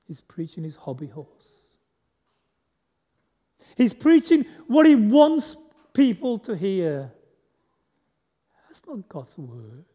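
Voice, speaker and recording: On dull-sounding audio, a man with a high, warm voice preaches as a guest speaker in a chatty way. He asks the congregation questions and jokes about himself while a large hall's long echo rings out.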